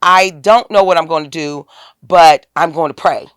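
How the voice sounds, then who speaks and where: A woman, a guest on an interview podcast, telling a personal story in a casual, animated way and acting out the quoted dialogue with a lifted voice. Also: deep voice, moderate pace, smooth, no room sound, clean studio sound. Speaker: podcast guest, tax business owner.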